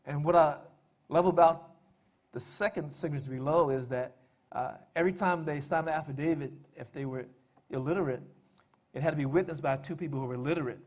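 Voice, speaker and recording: A man presents to an audience in a relaxed, conversational way. His voice sits a little high, and his talk is full of small "uh" fillers and dry jokes at his own expense. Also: fairly quick. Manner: conversational with frequent "uh" fillers and dry self-deprecating humor. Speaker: speaker presenting family history and poetry. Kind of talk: public talk.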